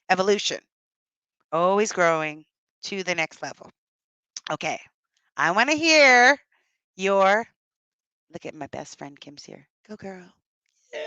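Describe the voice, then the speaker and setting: A woman's voice: medium pitch, sharp tone, no echo, highs cut off. A middle-aged woman speaker leading a live online workshop, effusive and gushing, often gasping and exclaiming with delight. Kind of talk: live-streamed workshop talk.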